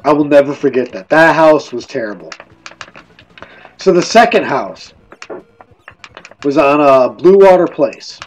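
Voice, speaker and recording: A man's voice: on the high side, animated, a little slow, pauses often, low-quality recording. A man streaming while gaming, drunk, telling a casual rambling ghost story full of restarts.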